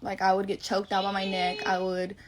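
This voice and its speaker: A woman's voice: medium pitch, completely flat delivery, brisk, noisy background. A young woman telling her viewers a long personal story, blunt, rambling and swearing a lot. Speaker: livestreamer.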